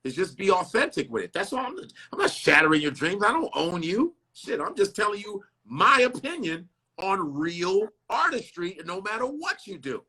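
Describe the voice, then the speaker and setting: Blunt, bright-voiced comedian. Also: male voice, high-pitched, moderate pace, few pauses, slightly rough. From Chicago. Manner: blunt, profane, animated storytelling that acts out other people's lines. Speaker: comedian guest. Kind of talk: casual interview chat.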